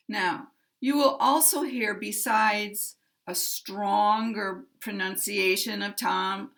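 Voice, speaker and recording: A woman teaching American English pronunciation, speaking slowly and carefully and modeling example sentences. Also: mid-range voice, vocal fry, a bit bright. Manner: very slow and careful, drawing out key words. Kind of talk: slow, deliberate teaching with spoken examples.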